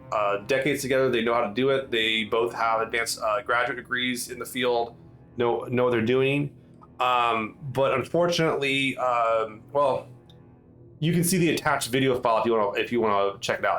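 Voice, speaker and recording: A man's voice: mid-range voice, a bit bright, low-quality recording. Male game master, casual tabletop narration, hesitant and full of fillers, faint music underneath. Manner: halting, full of ums and restarts.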